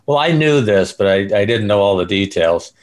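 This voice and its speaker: Older male co-host, halting, searching for words, lowish voice. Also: animated. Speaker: broadcast engineer, co-host. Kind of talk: casual podcast chat.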